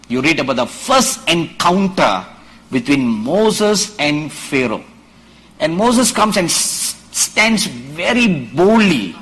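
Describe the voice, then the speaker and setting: A man preaching at a conference, acting out Bible dialogue and building to loud, emphatic peaks. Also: a little high, rough recording. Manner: dramatic, acts out Bible dialogue, rises to shouts. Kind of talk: sermon. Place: conference stage.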